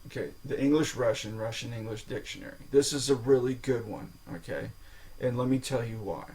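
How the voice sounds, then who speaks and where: A man's voice: medium pitch, fairly even intonation, brisk, darkish tone, low-quality recording. A man hosting a solo podcast, talking informally, swearing now and then and checking in with the listener with "okay?". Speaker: podcast host. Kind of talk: casual solo podcast talk.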